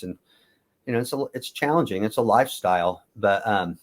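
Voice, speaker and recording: A middle-aged man from the United States, a former wrestler, telling stories in a casual interview, rambling and correcting himself as he goes. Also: lowish voice. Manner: rambling, self-correcting, chuckles at his own stories. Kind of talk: casual storytelling.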